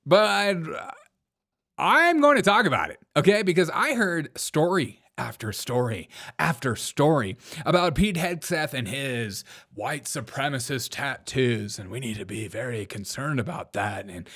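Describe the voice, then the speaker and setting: Male host, casual commentary, sarcastic jokes, laughs between lines, mid-pitched voice. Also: expressive, unhurried, fairly bright tone. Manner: sarcastic, joking, often laughing. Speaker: show host.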